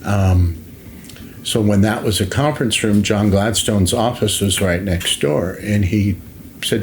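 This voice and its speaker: An older man, a longtime school facilities director, telling stories in an interview at an unhurried pace with many fillers, acting out what people said. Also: lowish voice, steady tone, a little hiss or hum. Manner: anecdotal, unhurried, many fillers and acted-out quotes. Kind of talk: interview storytelling.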